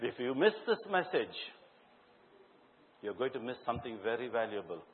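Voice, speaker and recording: A man preaching a sermon to a congregation, asking them questions and telling lively stories from his own life. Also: mid-range voice, moderate pace, long pauses, slight background noise. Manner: questions the congregation directly and tells lively anecdotes. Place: church hall before a congregation. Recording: echoey hall, tinny phone-like sound.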